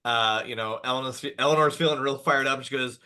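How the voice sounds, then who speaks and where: A man's voice: mid-range voice, fairly even intonation, quick pace, pushed and bright, clean tone. A man co-hosting a casual podcast chat, jokey and giggly. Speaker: podcast co-host.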